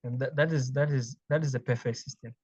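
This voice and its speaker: A man's voice: mid-range voice, fairly even intonation, a little mellow, dry recording, lo-fi sound. A man from Ghana, a clinical engineering manager, talking in an interview and often repeating words as he gathers his thoughts. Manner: halting, repeats words while thinking. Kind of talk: interview conversation.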